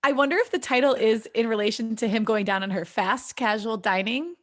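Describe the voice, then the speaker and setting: A woman co-hosting a comedy podcast, chatting casually and teasing with quick quips. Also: a little high. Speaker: podcast co-host.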